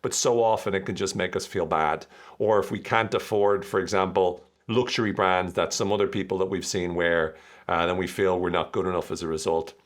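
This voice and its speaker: A man's voice: low-pitched, fairly even intonation, fairly quick. A man hosting a podcast, explaining ideas in a casual, chatty and jokey way. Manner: chatty, jokey, acts out quoted voices. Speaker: podcast host.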